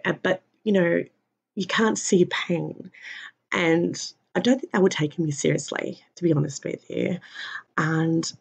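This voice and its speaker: A worn-out woman talks slowly and haltingly to her camera, full of pauses and fillers. Her voice sits low and gravelly, with a husky edge. The recording sounds dull and lo-fi. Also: a little mellow. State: tired and in pain. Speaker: vlogger. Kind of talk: personal health update vlog.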